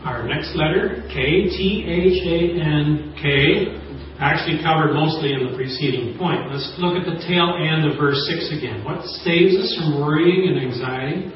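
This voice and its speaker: A man's voice: on the high side, unhurried. A man preaching a sermon, reading scripture and stressing each point. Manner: emphatic, spells out acrostic points and reads scripture. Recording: echoey, dull, distant recording with faint noise.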